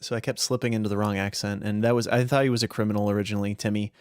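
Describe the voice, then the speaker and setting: A man from northern New Hampshire chatting casually on a podcast about his roleplay characters, rambling and animated. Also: fairly low pitch, very fast, clear, resonant tone, dry recording, clean studio sound. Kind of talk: casual chat.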